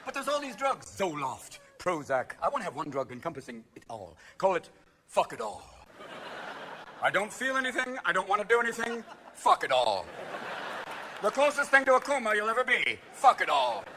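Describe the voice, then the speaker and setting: A man performing a stand-up comedy set, manic and shouting, jumping between voices and impressions. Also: high voice, big pitch swings, normal speed, a little hiss or hum. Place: large theater with live audience. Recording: live theater recording with crowd laughter. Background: audience laughter and applause.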